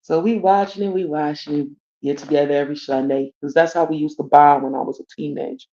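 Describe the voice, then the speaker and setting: Fairly even in intonation and a little fast, her low, dark voice carries a casual story told live from her Detroit home. As host, she's blunt and swears, uses slang and keeps hailing her viewers, and the stream's audio is dull and lo-fi.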